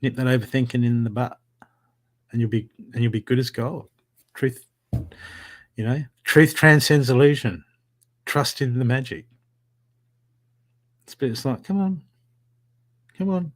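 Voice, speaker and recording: A man giving live psychic readings from home, talking in an animated, encouraging way with a lot of repetition. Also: medium pitch, unhurried, pauses often. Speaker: psychic reader. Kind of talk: live-streamed spiritual reading.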